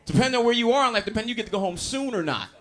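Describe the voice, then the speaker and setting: A man's voice: extremely high pitch, animated, racing, fairly bright tone. A man doing a stand-up comedy set on stage, brash and profane, talking straight to the crowd with audience laughter behind him.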